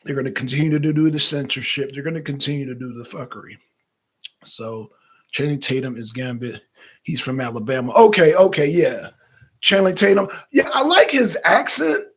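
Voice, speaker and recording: Guy doing a livestream, reads chat, fast and rambly, cusses a bit, slightly higher voice. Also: slightly rough. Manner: animated, swings loud and high when excited; talks fast with restarts, swears casually. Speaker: livestream host reading chat.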